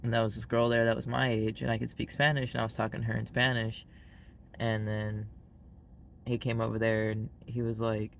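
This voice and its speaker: A man's voice: lowish voice, completely flat delivery, fairly quick, vocal fry, a bit bright, slight background noise. A man with a Southern US accent, talking bluntly and casually to the camera and leaning on "like" as a filler. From Arkansas, US. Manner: blunt and frank, heavy use of "like" fillers. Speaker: vlogger.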